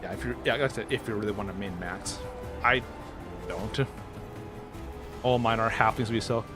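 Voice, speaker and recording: A man's voice: lowish voice, moderate pace. A man hosting a casual game livestream, rambling with lots of restarts and easy laughs. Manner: rambling, many fillers and restarts, laughs easily. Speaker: gaming livestream host. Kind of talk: casual live-stream chat. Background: game music.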